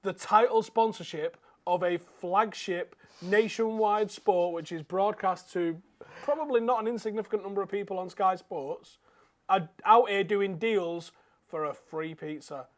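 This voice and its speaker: Wry man with a higher voice. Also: measured pace. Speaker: podcast co-host. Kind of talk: casual chat.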